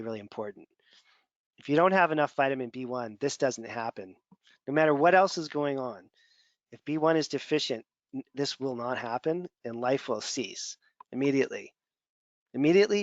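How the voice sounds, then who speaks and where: A man's voice: medium pitch, dry recording. Man lecturing casually, dull dry recording. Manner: conversational, digressive, repeats words while thinking. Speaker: functional medicine instructor. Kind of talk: casual lecture over slides.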